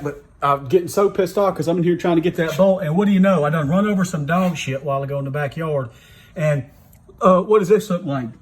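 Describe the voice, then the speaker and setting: A man's voice: sits high, slight background noise. A man with a Southern US accent talking casually and profanely as he vlogs a truck repair in his home garage, rambling and exasperated. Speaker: DIY truck vlogger. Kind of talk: casual workshop vlog rant.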